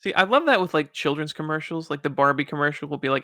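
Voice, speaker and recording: A man hosting a podcast, telling animated stories and laughing often. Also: a little high, quick pace, no room sound, studio quality. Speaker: podcast host. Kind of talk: casual chat.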